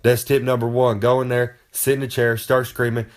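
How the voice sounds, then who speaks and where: A man's voice: mid-range voice, level tone, normal speed. A man giving a comic, boastful monologue. He rambles in a folksy way and talks about himself in the third person. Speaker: wrestler giving comic advice.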